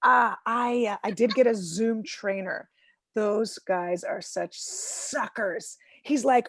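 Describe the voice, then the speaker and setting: A woman in her forties performs stand-up from home over a video call, her voice sitting a little high. She mocks herself, acts out other people's lines and shouts her punchlines. The sound is close and dry, with no room around it. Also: takes it slowly, no room sound. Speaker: stand-up comedian.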